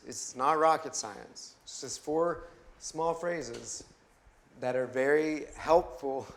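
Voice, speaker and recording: In a middle-range pitch, a Bible study teacher runs an interactive faith lesson in an easy, conversational style. He poses questions to the room and often circles back to restart phrases mid-thought.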